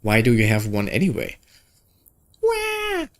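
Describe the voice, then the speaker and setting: A man's voice: medium pitch, measured pace. Chatty young man doing game commentary. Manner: chatty, jokey, reads game dialogue aloud. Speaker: gaming video creator.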